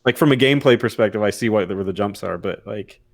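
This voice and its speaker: A man's voice: on the low side, fast talker, creaky. A man co-hosting a gaming podcast, eagerly recounting his play in casual chat. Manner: eager storytelling, "dude" and "like". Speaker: podcast co-host.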